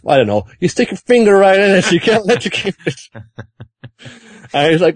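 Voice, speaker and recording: A man's voice: a little high, sing-song, a little fast, long pauses, no room sound. A man hosting a podcast, recapping an anime episode in casual chat and acting out the characters in silly voices.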